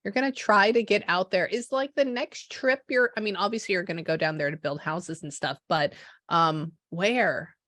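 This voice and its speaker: A woman psychic medium recounting a reading to a client in lively back-and-forth, acting out the dialogue she quotes. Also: fairly low pitch, normal speed, no room sound, studio quality. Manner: animated, acts out quoted dialogue, frequent "I go, she goes". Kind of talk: relaying a spirit reading to a client.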